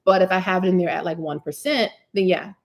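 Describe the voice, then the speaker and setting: A woman's voice: fairly low pitch, fast. Chatty woman from New Jersey. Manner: chatty, many fillers like "you know what I'm saying". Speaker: curly hair care host answering live questions. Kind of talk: live Q&A chat. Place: indoors, live stream.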